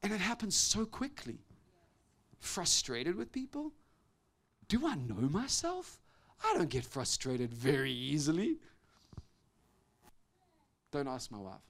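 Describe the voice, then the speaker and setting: A man delivers a sermon with a fairly high-pitched voice. He moves between loud, emphatic exclamations and soft, confiding asides. He often laughs lightly between phrases. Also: wildly swooping pitch, slow pace, pauses often. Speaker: pastor.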